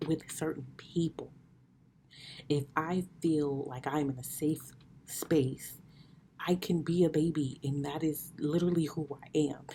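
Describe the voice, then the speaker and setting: Low, mellow-voiced woman telling a story. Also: a little hiss or hum. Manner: chatty, animated, laughs often, addresses listeners as y'all. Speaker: podcast host. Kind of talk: casual storytelling monologue.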